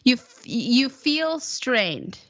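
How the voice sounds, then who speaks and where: A woman teaching a one-on-one singing lesson, encouraging her student and demonstrating high whoops. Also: very animated, very slow, a bit bright.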